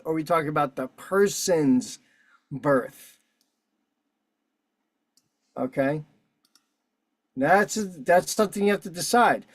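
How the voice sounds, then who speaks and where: A man with a slightly high voice runs an online meeting over a video call, with no room sound. He talks through a form while filling it out, casual but foul-mouthed and combative.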